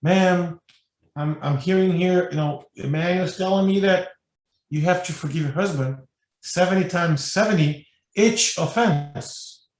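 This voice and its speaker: A man voicing a kind, patient male spiritual counselor, gentle and measured, in an echoey room. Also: sits high. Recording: echoey room, mic at a distance.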